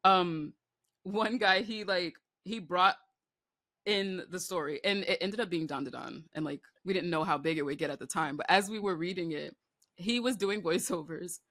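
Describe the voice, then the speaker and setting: A woman's voice: fairly low pitch, normal speed, no echo, studio quality. An American woman chatting casually as a podcast guest, telling stories with many fillers and bursts of laughter. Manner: animated storytelling, many likes and fillers. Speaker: guest, horror manga artist.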